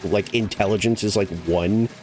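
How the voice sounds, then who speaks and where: A man streaming a game speaks in a lowish, darkish voice with a steady tone and moderate pace. His casual chat rambles, full of "like" and casual swearing.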